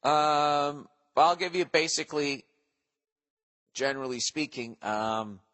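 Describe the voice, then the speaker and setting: Taking it slowly, this forties-aged podcast host with a Boston accent riffs on listener letters, swearing and joking sarcastically. His slightly high, somewhat bright voice trails off into a long reverb tail.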